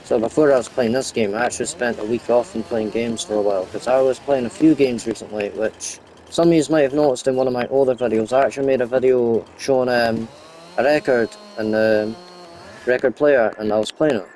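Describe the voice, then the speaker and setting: A young man chats his way through a farming game in a loose, rambling way, wandering off into side stories. His voice is mellow and relaxed. A faint hiss of noise sits under the recording. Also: medium pitch, brisk. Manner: rambling, chatty, goes off topic. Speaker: gaming YouTuber. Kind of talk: casual gameplay commentary.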